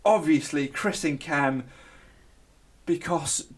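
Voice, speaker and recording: A man, a little high in pitch, chats on a podcast with a couple's easy rapport. He talks in an animated, jokey way and swings into bigger bursts of energy. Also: slow. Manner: animated, jokey, bursts into sung tunes and mock shouts. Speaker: podcast co-host. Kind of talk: casual chat.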